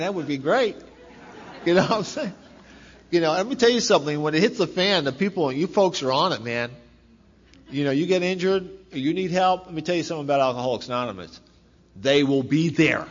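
Rambling man telling his story. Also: medium pitch. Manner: rambling, animated, laughing often, repeats phrases. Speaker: speaker sharing recovery story. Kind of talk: personal testimony talk. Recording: dull lo-fi recording with faint noise.

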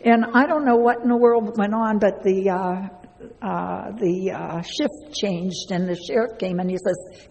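Speaking at an unhurried medium pitch with a warm tone and some vocal fry, a woman shares her recovery story with a live audience. She's chatty, laughs often, and addresses listeners directly, all under a long hall reverb.

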